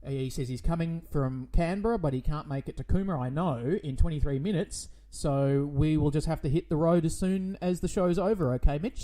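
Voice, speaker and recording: Frantic high-voiced radio man. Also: very animated, normal speed, warm tone. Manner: frantic, theatrical, indignant. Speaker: radio host. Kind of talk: comedic radio show hosting.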